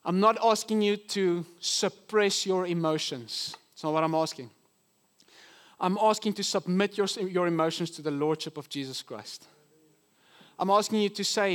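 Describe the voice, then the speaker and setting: A man with a notably high voice preaches to his congregation. He teaches earnestly and often slows down to stress a point. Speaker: pastor. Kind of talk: sermon. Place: church.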